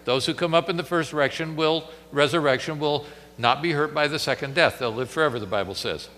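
Male preacher with a forceful voice, emphatic sermon delivery with dramatic pauses and a long hall echo. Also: a little high.

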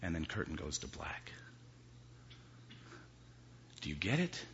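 A man preaching a sermon, swinging from hushed whispers to loud, high emphasis. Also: big pitch swings, a little fast, slight background noise. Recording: dull lo-fi recording with faint ambience.

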